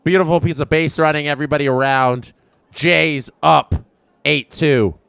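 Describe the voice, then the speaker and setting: A Canadian man hosting a live baseball watchalong, excitable and reacting loudly to each play, his voice strained and worn out. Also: a little high, moderate pace, vocal fry, clear, resonant tone, no echo. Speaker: watchalong host.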